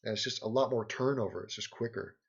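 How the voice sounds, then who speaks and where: A man's voice: lowish voice, quick pace, gravelly, slightly rough, highs cut off. A man hosting a livestream, rambling sarcastically in casual chat and game commentary, often laughing. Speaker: livestream host.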